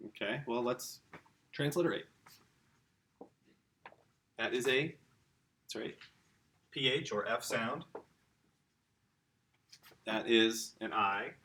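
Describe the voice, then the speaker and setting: A man's voice: medium pitch, slow, pauses often, pushed and bright, slight background noise. A man teaching a casual lesson, talking straight to the kids and their parents with eager enthusiasm. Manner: enthusiastic, chatty, addresses the kids directly. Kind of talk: informal home-school lesson.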